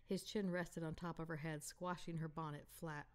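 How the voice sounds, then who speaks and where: A woman author reading aloud from her romance novel in a calm, intimate manner. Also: sits low, moderate pace, hardly any pauses. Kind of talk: audiobook narration.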